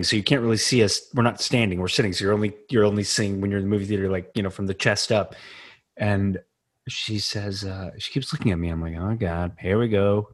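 A man co-hosting a casual podcast, telling a funny story with lots of laughter. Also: deep voice. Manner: animated, laughs while telling stories. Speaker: podcast co-host.

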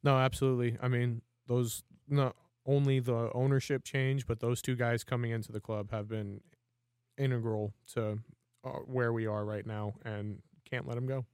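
A man co-hosting a fan podcast in an easygoing, joking way. His voice sits at an ordinary middle pitch. The sound is dry and close to the mic. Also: flat delivery, a little mellow, smooth, dry recording. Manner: laid-back, joking, quick to laugh. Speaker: podcast co-host. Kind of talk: casual fan podcast chat.

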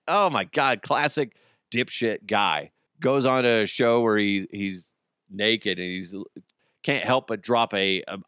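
A man's voice: lowish voice, slow pace, pushed and bright, smooth, dry recording, clean studio sound. A man hosting a comedy podcast, ranting crudely and mocking people while laughing at his own jokes. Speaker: podcast host.

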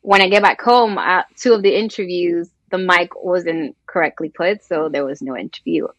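Speaking at a normal speed in a lowish voice, a Colombian woman chats as a guest sports journalist in a casual interview. She animates her stories by acting out quoted voices. The recording is rough, without room sound.

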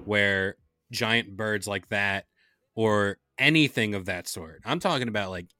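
A man's voice: on the low side, a little slow, bright, forceful tone, dry recording, studio quality. A man co-hosting a podcast in casual chat, making his points thoughtfully. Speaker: podcast co-host.

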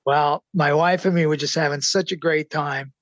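A middle-aged man with a slightly high voice tells a personal story with eager, earnest excitement. He stretches out the key words to let the moments land. The sound is close and dry, with no room around it. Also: no room sound, dull audio. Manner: excited, earnest, slows down for emphasis. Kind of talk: personal anecdote.

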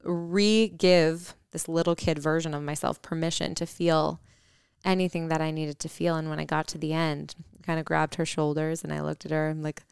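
Woman in her 30s, low smooth voice w some gravel, earnest storytelling, dry close sound. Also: flat delivery, normal speed, no echo. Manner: earnest, reflective, with frequent fillers and restarts. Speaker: podcast co-host. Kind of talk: personal storytelling.

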